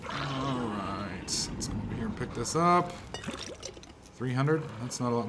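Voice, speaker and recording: A young man commentating a game in a sarcastic, profane let's play style. His voice is bright and jumps around a lot in pitch. He mutters one moment and yelps the next. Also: expressive, a little slow, a little hiss or hum. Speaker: gaming commentator.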